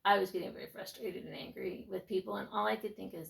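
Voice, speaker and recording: A young woman in her twenties speaking with a heavily gravelly, fry-laden voice. She shares a personal faith testimony, earnest and reflective, restarting her thoughts as she goes and sometimes sinking to a near-whisper. Her pitch sits in an ordinary middle range. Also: steady tone, quick pace. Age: 20s. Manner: heartfelt, drops to near-whispers for inner thoughts. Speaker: faith vlogger.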